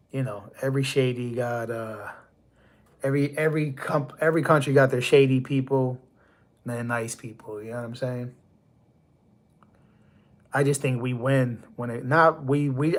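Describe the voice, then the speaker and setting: A man from the United States hosting a live stream, talking to his chat in a loose, rambling, conversational way. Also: mid-range voice. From USA. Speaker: livestream host.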